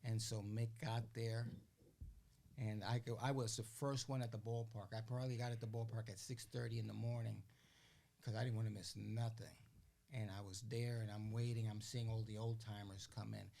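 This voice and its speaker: An older man, a guest on a podcast, telling stories in a casual, animated way. He acts out the voices of the people he quotes and keeps asking "you know what I'm saying?". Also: fairly low pitch, normal speed, vocal fry. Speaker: interview guest. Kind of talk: casual storytelling.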